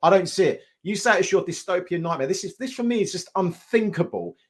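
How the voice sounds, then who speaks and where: A man's voice: sits high, brisk. A man co-hosting a football fan podcast, arguing his point emphatically in casual chat. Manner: emphatic, insistent. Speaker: podcast co-host.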